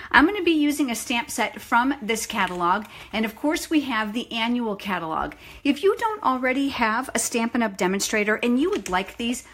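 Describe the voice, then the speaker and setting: A woman's voice: a little high, a bit bright. A middle-aged woman hosting a live craft demonstration from her home craft room on a phone camera, chatty and self-deprecating, greeting viewers by name. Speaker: stamping demonstrator.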